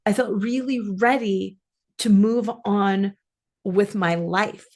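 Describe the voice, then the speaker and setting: A woman's voice: medium pitch, steady tone, takes it slowly, darkish tone. A middle-aged woman, a coach and podcast host, telling a personal travel story in an earnest, reflective, spiritual way.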